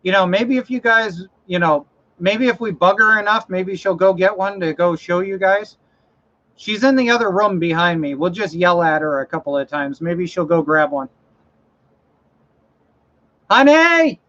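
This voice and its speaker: On a casual livestream, the host's voice sits high with a fairly bright tone at normal speed. He rambles about trucks and mowers, reads viewer comments out loud, and self-corrects, with the sound coming through dull and lo-fi.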